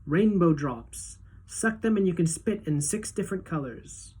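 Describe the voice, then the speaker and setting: A woman's voice: on the low side, animated, a little slow, warm tone, slightly rough. Woman reading a children's book aloud. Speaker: teacher.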